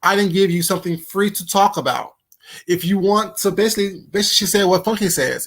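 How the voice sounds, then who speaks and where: Animated reaction commentator, very bright voice, keeps saying baby and honey. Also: mid-range voice, fast. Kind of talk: casual commentary.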